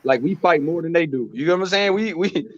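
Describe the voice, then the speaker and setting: A man's voice: on the high side, quick pace, muffled recording, a little hiss or hum. A man co-hosting a casual boxing chat, slangy and joking. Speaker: podcast co-host.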